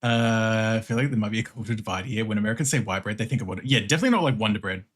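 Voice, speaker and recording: A man's voice: lowish voice, racing, a bit bright. A man with an Australian accent, chatting casually on a livestream, swearing freely and laughing often as he talks. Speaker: streamer.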